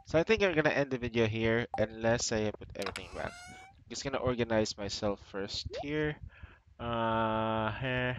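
A man hosting a casual let's play, rambling and thinking aloud to his viewers as he plays. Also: on the low side. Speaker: gaming channel host. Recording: muffled lo-fi recording with steady noise.

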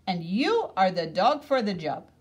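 A woman's voice: mid-range voice, big pitch swings, a little slow. A woman voicing the smallest male dog of the pack, breezy and slangy, in a picture book read-aloud. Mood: chatty. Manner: breezy, slangy, listing in a sing-song.

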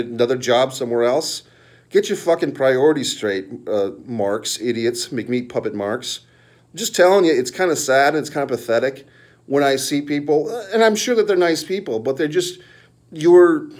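A man's voice: mid-range voice, darkish tone. A middle-aged man ranting about pro wrestling in an angry, profane, mocking monologue. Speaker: wrestling commentary vlogger.

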